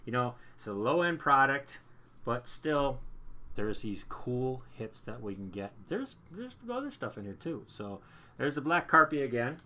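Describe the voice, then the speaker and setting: Bright-voiced man hosting a card break. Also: mid-range voice, lively intonation, moderate pace. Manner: upbeat, chatty, repeats himself while flipping cards. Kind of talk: casual card-opening commentary.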